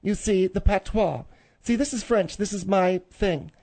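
A man's voice: high voice, unhurried, darkish tone, a little hiss or hum, voice pushed up. A man voicing a fussy, pedantic middle-aged male sidekick.

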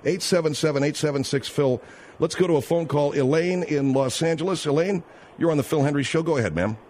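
A man's voice: a little high, darkish tone. A man hosting a comedic talk radio show, combative and incredulous, reeling off the call-in number. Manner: combative, incredulous, rapid-fire call-in plugs.

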